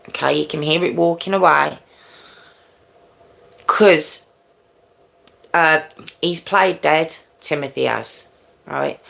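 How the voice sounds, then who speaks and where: Low, slow-talking woman telling true crime. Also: creaky, fairly bright tone. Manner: conversational, halting, with frequent restarts and check-ins with listeners. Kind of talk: casual true crime storytelling on a livestream.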